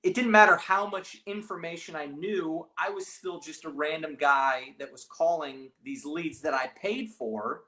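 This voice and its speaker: Man, fairly high voice, rambling, lots of fillers, casual interview guest. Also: a little slow, hardly any pauses, sharp tone. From California, raised partly abroad. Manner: rambling, many restarts and fillers. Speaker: real estate agent, guest.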